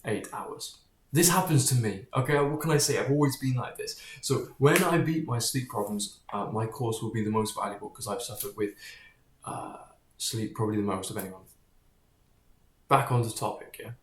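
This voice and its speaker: A man's voice: medium pitch, normal speed, slight background noise. A man talking casually to camera in a digressive, rambling way, often drifting off topic, blunt and sometimes profane. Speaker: vlogger. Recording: echoey room.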